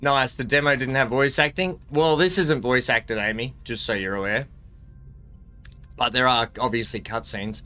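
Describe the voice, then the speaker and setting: Excitable guy streaming a game, rambly, bright punchy voice, faint music behind. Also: medium pitch, normal speed. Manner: excitable, rambling, laughs often. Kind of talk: live gameplay commentary.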